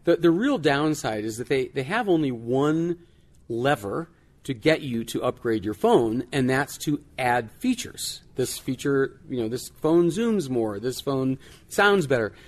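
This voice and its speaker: A man's voice: medium pitch, expressive, a little slow. A man answering interview questions in a casual, amused way, chuckling and restarting sentences. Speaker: guest, tech journalist.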